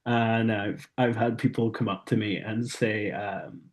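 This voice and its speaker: A man's voice: on the low side, steady tone, measured pace. An Irish man, a band member guest on a casual interview, telling stories in a laid-back way.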